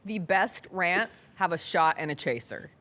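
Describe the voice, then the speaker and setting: A woman hosting a sports talk show, trading wry, quick banter and laughing often. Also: fairly low pitch, expressive, bright, forceful tone. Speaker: sports radio host. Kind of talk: casual sports chat.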